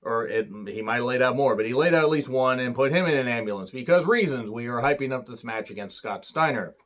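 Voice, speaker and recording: A man's voice: medium pitch, lively intonation, quick pace, a bit bright, muffled recording. A man giving a casual, sarcastic recap of a wrestling show, swearing freely and trailing into fillers. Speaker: wrestling reviewer.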